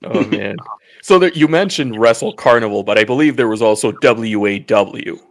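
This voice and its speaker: A low male voice with a gravelly fry. He hosts the podcast and mostly reacts briefly in a relaxed way, now and then putting a follow-up question to his guest. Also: moderate pace, dry recording. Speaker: podcast host. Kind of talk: casual interview chat.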